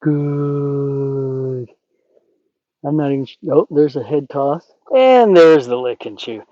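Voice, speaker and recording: A man working as a horse trainer, calmly explaining while talking gently and soothingly to a horse outdoors. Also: fairly high pitch, measured pace, dry recording, highs cut off. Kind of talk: training commentary.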